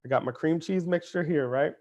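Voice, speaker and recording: This cooking show host is a father running a live kids' cooking class, talking straight to the youngsters and their parents with cheerful, chatty energy. He speaks briskly, his voice sitting on the high side with a slightly mellow quality.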